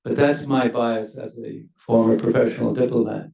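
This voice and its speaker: An older man, a former ambassador, speaking on a university panel in a measured, emphatic way that leans on key words. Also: medium pitch, steady tone, vocal fry, warm tone. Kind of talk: panel discussion remarks. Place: university lecture hall. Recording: echoey hall, mic at a distance.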